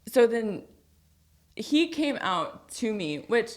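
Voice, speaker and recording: A young adult woman talking as a podcast guest, telling her personal faith story in a casual, chatty way, full of "like" and quick laughs. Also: a little high, sing-song. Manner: chatty, filler-heavy with frequent "like"; laughs easily mid-story.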